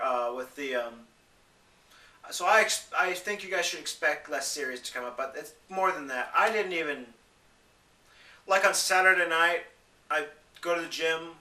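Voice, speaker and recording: High-voiced upset young man ranting. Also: sharp tone, roomy sound, distant mic. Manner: emotional, restless, mocks others in high voices. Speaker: vlogger. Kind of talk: upset personal rant to camera.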